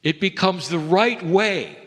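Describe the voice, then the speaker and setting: A man giving a slow, gentle spiritual channeling talk, addressing listeners as dear ones. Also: sits high, expressive. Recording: long hall reverb.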